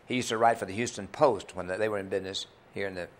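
An older country singer who also owns a club tells rambling, folksy anecdotes as a guest in a TV interview. He talks quickly in a lowish voice with fairly even intonation.

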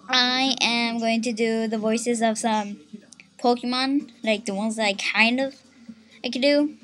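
A woman chatting casually to camera, hesitant and giggly, filling pauses with ums and teasing herself, with a slight cough. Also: on the high side. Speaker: channel host doing character voices.

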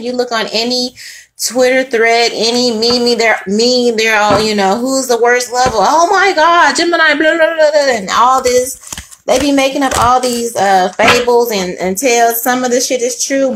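A woman's voice: on the high side, fairly bright tone, a little hiss or hum. A woman giving a casual tarot reading, blunt and profane, laughing between lines and preaching in asides. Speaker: tarot reader.

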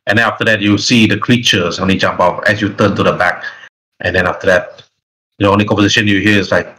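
A man's voice: lowish voice, steady tone, a little fast, bright, forceful tone, poor audio. A man narrating a tabletop role-playing game as game master, in long, rambling run-on sentences.

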